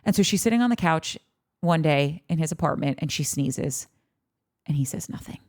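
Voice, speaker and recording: Low-voiced and darkish in tone, this podcast host speaks expressively at a moderate pace. She's chatting animatedly about a reality show, cursing freely and slipping into performed quotes.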